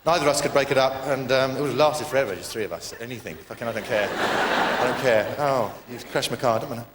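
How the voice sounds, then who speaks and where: A man doing a rambling, self-mocking stand-up routine full of restarts and sudden shouted outbursts. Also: medium pitch, racing. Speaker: stand-up comedian. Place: large live venue. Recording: live hall with crowd noise and echo.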